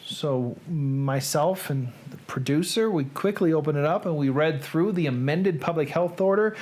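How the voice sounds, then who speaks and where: A man's voice: on the high side, normal speed, darkish tone. A man with a Southern US accent hosting a live reading stream, chatting casually and rambling with small self-corrections. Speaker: host of a live reading show.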